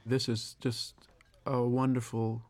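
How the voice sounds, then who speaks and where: A man, a film director, giving a reflective audio commentary, thinking aloud with pauses and restarts. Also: mid-range voice, level tone, a little mellow.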